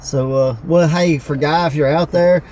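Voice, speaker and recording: A man's voice: a little high, steady tone, normal speed, a little mellow, a little hiss or hum, poor audio. A man with a Mississippi Southern accent, hosting a casual wrestling podcast from a parked car, easygoing and laughing often. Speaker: podcast host, wrestling promoter. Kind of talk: casual chat.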